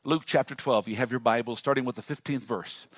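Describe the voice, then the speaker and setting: A male pastor preaching a lively sermon and calling on the congregation to respond. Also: mid-range voice, a little fast, no echo. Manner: dynamic, call-and-response with the congregation.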